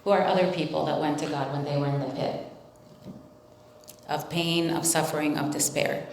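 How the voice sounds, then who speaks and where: A woman's voice: low voice, steady tone, normal speed, a little hiss or hum. A woman leading a Bible study, talking casually and asking the group questions, with lots of fillers. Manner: conversational, asks the group questions, many fillers. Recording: very echoey room, mic at a distance.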